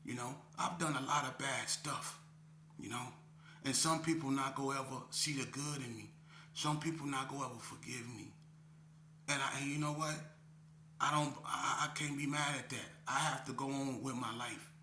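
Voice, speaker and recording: A man with a very bright, sharp voice tells stories in streetwise slang and often checks in with "right?". He gets animated when retelling the action. The sound is roomy and echoey, with a faint hum behind him. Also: medium pitch, normal speed. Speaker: interview guest. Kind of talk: casual storytelling.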